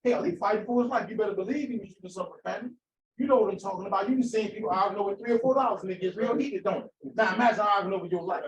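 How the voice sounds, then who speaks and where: A man's voice: high-pitched, very fast, far from the mic, a little hiss or hum. A man preaching an impassioned sermon, asking rhetorical questions and repeating phrases for emphasis. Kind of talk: fiery sermon. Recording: echoey room, voice off-mic.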